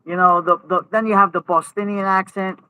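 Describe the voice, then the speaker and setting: The audio is poor, yet his high-pitched voice comes across smooth and sharp, with fairly even intonation, a brisk pace and no echo. A livestream host with a Brooklyn accent, he holds a chatty, joking live session outdoors at night beneath an umbrella as the wind blows, his New York speech thick.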